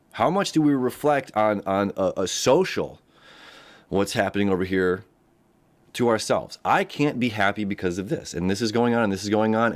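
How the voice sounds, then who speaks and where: A man with a lowish voice talks through an astrology forecast in a loose, casual way. He often restarts his sentences and slips into animated voices when he quotes people.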